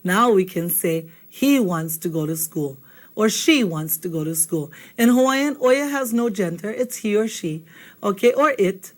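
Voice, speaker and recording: A woman's voice: medium pitch, expressive, measured pace. A woman teaching a beginner language lesson, patient and repetitive, often checking in with the class.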